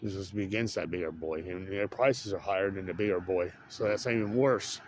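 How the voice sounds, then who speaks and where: A man with a fairly low voice rambles through an easygoing outdoor chat and breaks into chuckles often. Faint noise and birdsong sit behind him. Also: fairly quick. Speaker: vlogger. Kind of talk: casual chat.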